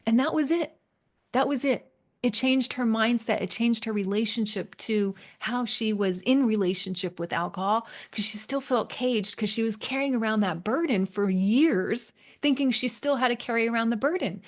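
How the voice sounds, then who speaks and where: Middle-aged woman coach, earnest n encouraging, leans on repeated words, mid pitch. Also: moderate pace. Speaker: alcohol coach and podcast host. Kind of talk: motivational monologue.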